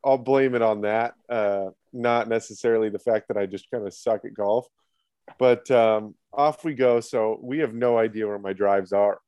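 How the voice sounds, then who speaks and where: A man chats as a podcast guest, spinning a self-deprecating story at an easy, mid-pitched level. The sound is dry and close, with no room around him. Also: darkish tone, smooth, no echo. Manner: laid-back, self-mocking storyteller. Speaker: podcast guest, head of production. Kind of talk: casual chat, storytelling.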